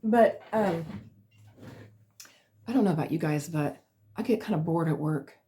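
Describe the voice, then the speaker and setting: A woman's voice: low voice, measured pace, dark tone. Give me a woman casually rambling through funny work stories in a home vlog, full of fillers. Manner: rambling, many fillers, laughs at herself. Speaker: vlogger. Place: at home in a chair.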